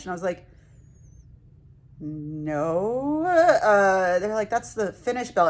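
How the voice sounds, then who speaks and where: A woman vlogging in a casual, chatty way, telling self-deprecating stories with laughs. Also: mid-range voice. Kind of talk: casual vlog chat.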